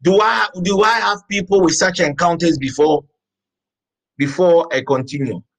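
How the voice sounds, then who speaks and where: A man preaching a sermon as pastor, emphatic, repeating phrases and shouting out words now and then. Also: fairly high pitch, normal speed, poor audio.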